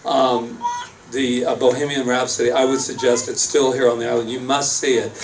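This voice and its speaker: A man's voice: mid-range voice, flat delivery, normal speed. Guy minister rambling thru a sermon, jokey asides, kinda far from the mic. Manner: chatty, self-mocking, rambling asides. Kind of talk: casual storytelling sermon. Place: church service space. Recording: distant mic, faint room noise.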